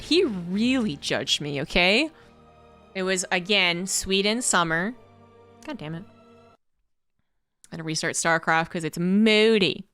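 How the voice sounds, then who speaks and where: Bright, crisp-voiced woman telling a story. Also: on the low side, unhurried, pauses often, faint music behind. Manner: animated, rising to incredulous outbursts when quoting herself; chatty, profane, laughs through the tale. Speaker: esports caster. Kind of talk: casual storytelling while casting.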